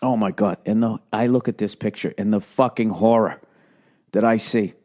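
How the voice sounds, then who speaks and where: A man's voice: fairly low pitch, fairly even intonation, normal speed, darkish tone. Profane ranting middle-aged man. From United States. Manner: profane, ranting, acts out quoted voices. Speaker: podcast host. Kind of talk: rambling comedic monologue.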